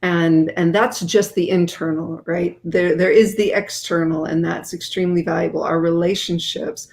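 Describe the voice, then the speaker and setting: Earnest woman, low voice. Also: steady tone, normal speed, gravelly, a little mellow. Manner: earnest, explanatory. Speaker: guest author. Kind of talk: interview explanation.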